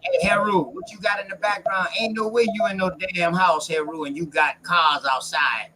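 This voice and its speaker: A man's voice: high-pitched, fairly even intonation, normal speed, sharp tone, a little hiss or hum, rough recording. A man talking bluntly and with profanity in a casual panel discussion over a video call.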